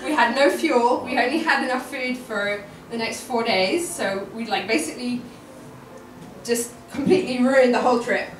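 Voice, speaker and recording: A woman telling a personal story at a live storytelling event, animated and often laughing, repeating words for effect. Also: fairly high pitch, moderate pace. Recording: echoey room, distant mic, noisy.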